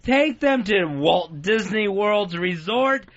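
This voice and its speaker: A man's voice: sits high, expressive, slow, fairly bright tone, muffled recording, slight background noise. A drunk man co-hosting a radio show, over-enunciating as he raves and repeats exclamations.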